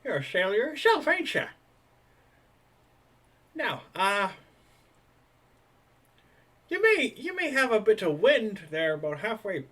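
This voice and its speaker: A man voicing an excitable older dock official who talks in a folksy drawl and stammers. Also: sits high, voice pushed up, exaggerated voice.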